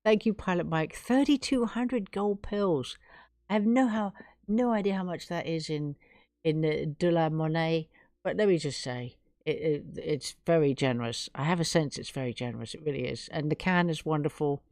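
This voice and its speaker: A chatty, effusive woman from England hosts her live stream and thanks her viewers warmly. Her voice sits fairly low for a woman. The recording is dry and close. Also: moderate pace, no echo. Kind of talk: casual live stream chat.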